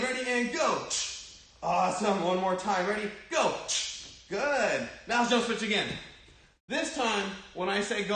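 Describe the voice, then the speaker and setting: A man's voice: high voice, a bit bright. A man teaching a kids' martial arts class, calling out drill commands and encouraging the students. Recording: very echoey room.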